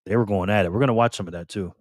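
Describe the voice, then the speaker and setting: A man hosting a casual livestream, calling out viewers and donations with upbeat shout-outs. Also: lowish voice, very fast, dry recording, clean studio sound. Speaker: livestream host.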